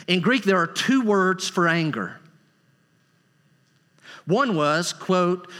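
A man preaching a sermon as a pastor, emphatic and rising into high, excited bursts. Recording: long reverb of a large hall.

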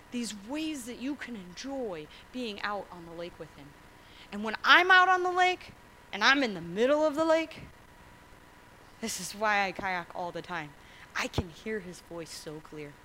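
A woman pastor preaching a sermon in an animated way, acting out quotes and asking the congregation questions. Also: a little high, a little hiss or hum, poor audio.

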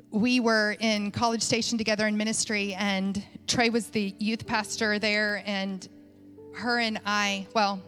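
A woman's voice: mid-range voice, a bit bright. A woman speaking to a congregation, telling a personal story in a chatty, conversational way with many fillers and restarts. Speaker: church speaker. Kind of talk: sermon storytelling. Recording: faint music behind.

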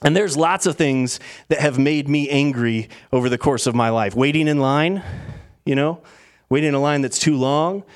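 A man's voice: a little high, moderate pace, clean tone. A man preaching a sermon as pastor, talking in a casual storytelling way with plenty of fillers.

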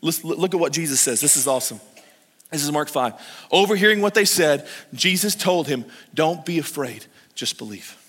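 A middle-aged man preaches in a church sanctuary, his voice bright and a little high. He swings between loud urgent calls and hushed pleading, speaking straight to the listeners. A long reverb trails off the hall. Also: fairly quick. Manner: storytelling, addresses the congregation directly. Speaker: pastor. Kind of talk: sermon.

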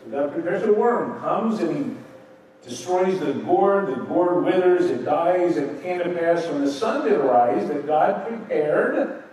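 A man's voice: on the high side, lively intonation, unhurried, a little mellow. A man preaching a Bible-teaching sermon and putting questions to his congregation. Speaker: pastor. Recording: roomy echo, distant mic.

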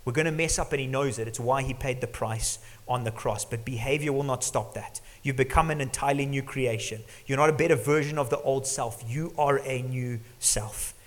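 Male pastor, middle-aged, mid-pitched voice, earnest sermon, sinks to a hush for emphasis, long echo of a church hall. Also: normal speed, hardly any pauses.

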